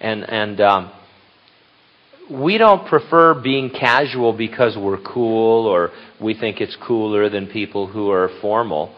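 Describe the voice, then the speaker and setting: An older man who is both a grandfather and a pastor gives a conversational sermon in a fairly low voice at a slow pace. His preaching is casual and rambling, full of restarts and asides. The recording is dull and lo-fi.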